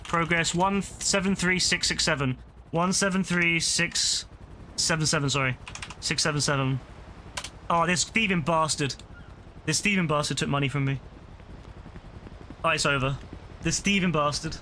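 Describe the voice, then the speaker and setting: A man's voice: a little high, moderate pace, pauses often, pushed and bright. Tired male streamer grumbling at his game. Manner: talks to himself and the game, frustrated and exclaiming. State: tired, voice starting to break. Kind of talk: live gameplay commentary. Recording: clear game noise behind the voice.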